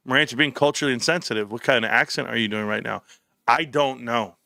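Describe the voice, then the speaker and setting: A man's voice: medium pitch, fast, vocal fry, sharp tone, dry recording, clean studio sound. A man hosting a casual live stream, joking, rambling and swearing freely as he talks to viewers by name.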